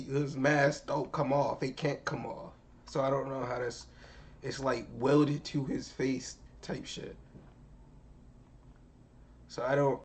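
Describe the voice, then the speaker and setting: A young man streaming from his computer, ranting in an animated, profane, skeptical way, full of restarts. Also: medium pitch, gravelly. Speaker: streamer reacting to movie news. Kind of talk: casual rant on stream.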